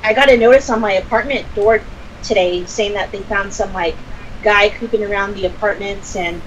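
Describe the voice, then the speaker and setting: A woman's voice: mid-range voice, normal speed, dull audio, a little hiss or hum. A young adult woman telling a story in casual chat, acting out quotes with swearing. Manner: animated, swearing, acts out quotes. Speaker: podcast co-host.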